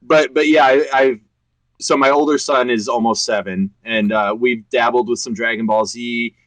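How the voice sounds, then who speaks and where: A man's voice: medium pitch, steady tone, moderate pace, a bit bright, dry recording, low-quality recording. A man in his thirties, a guest voice actor chatting earnestly on a podcast and laughing easily. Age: 30s. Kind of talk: casual podcast chat.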